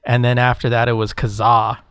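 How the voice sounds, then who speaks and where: A man's voice: mid-range voice, flat delivery, brisk, a bit bright, clean tone, no echo, studio quality. A man co-hosting a podcast, reminiscing in casual, rambling chat. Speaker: podcast co-host.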